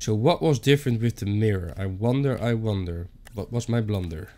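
A man's voice: fairly low pitch, brisk, warm tone. A young man with a Dutch accent giving playful, muttered commentary on a horror game playthrough, talking to himself and joking. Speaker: gaming YouTuber.

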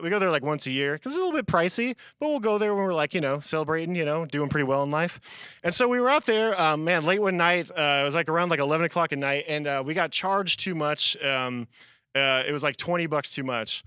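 A youth speaker with a fairly high, clean-toned voice delivers a casual sermon on a dry recording. He is an animated storyteller who drops "man" into nearly every sentence.

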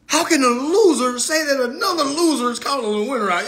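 A man's voice: extremely high pitch, a little fast, hardly any pauses, fairly bright tone. A man ranting on a livestream in a brash, taunting way, repeating "all right? okay?" to drive his points home. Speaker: livestream host.

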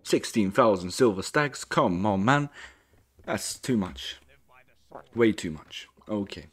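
A man's voice: fairly low pitch, lively intonation, slow pace. A man casually commenting on his own gameplay, rambling and correcting himself as he reads the game's dialogue aloud. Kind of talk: casual let's-play commentary.

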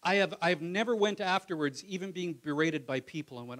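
A male pastor preaching a sermon in a casual, conversational way, acting out biblical voices and swinging from soft asides to loud calls. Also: a little high, fairly quick, few pauses.

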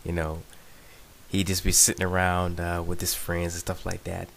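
A man's voice: low-pitched, completely flat delivery, moderate pace, gravelly, fairly bright tone, slight background noise. A man giving a rambling, casual video response, full of ums and "you know what I'm saying". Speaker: video blogger.

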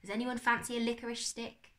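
A woman's voice: on the high side, completely flat delivery, brisk, a bit bright, pitched above the performer's own voice, lightly acted. A woman voicing a hearty fussy old uncle. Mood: jovial. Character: fussy cheerful older uncle, a collector.

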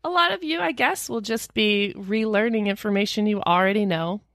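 A woman's voice: moderate pace, dry recording, clean studio sound. A young adult woman co-hosting a podcast, telling stories in casual chat and reading news clippings aloud with playful asides. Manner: animated, swoops into high squeals for emphasis. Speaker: podcast co-host.

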